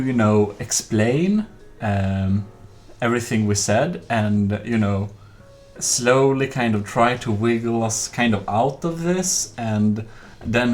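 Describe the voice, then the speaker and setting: A man in casual chat, talking hesitantly with many fillers. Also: mid-range voice.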